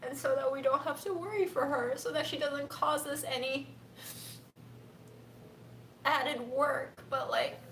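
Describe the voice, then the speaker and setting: A young woman speaking softly and haltingly, close to tears, in a personal livestream from home. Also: high voice, a little hiss or hum. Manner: soft, halting and tearful, often near a whisper. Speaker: vlogger. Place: home room. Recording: echoey room with faint ambience.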